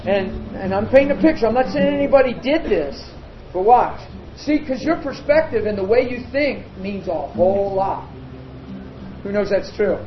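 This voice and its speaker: A man's voice: sits high, expressive, normal speed, a little hiss or hum. A man preaching an informal sermon to his congregation, chatty and joking with them. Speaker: pastor. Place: meeting room with a congregation. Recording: roomy, dull sound with crowd behind.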